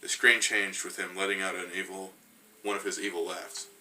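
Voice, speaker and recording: A man's voice: low voice, little pitch movement, moderate pace, pushed and bright, far from the mic, slight background noise, poor audio. A man reading his own creepy story in the first person, stumbling and restarting on some words.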